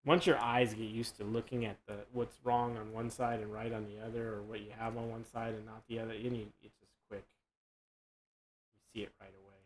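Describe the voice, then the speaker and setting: A man casually explaining his sculpting process during a live demonstration, relaxed and rambling as he works. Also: on the low side, a little fast, slight background noise, poor audio. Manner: relaxed, rambling, self-correcting.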